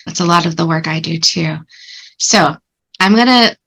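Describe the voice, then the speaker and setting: A woman's voice: on the low side, moderate pace, creaky, pushed and bright, husky, poor audio. A middle-aged woman hosting a therapy podcast, upbeat and direct with her guest. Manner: upbeat, apologetic laughter, direct questions. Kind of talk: casual interview chat.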